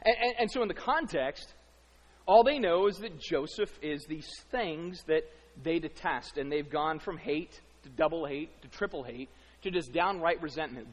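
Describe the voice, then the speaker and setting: A man preaching a sermon in a lively, conversational way, acting out the lines of the people he describes. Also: a little high, normal speed, big-room sound. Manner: animated, conversational, acts out quotes. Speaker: pastor.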